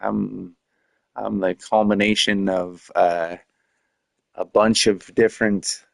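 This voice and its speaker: A man's voice: lowish voice, flat delivery, slow pace, creaky, no echo. A man chatting casually on a live stream, rambling with many fillers and frequent laughs.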